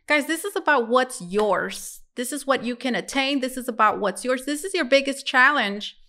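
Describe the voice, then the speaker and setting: A woman's voice: high-pitched, expressive, takes it slowly, long pauses, sharp tone. A woman reading tarot cards for her viewers in a casual, musing way, talking to them as guys. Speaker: tarot reader.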